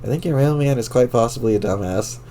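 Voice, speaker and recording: A man's voice: medium pitch, fast talker, mellow, a little hiss or hum, lightly acted. A man reading chat lines as a laid-back, sarcastic teen girl, in a near-own voice with a dry, teasing manner.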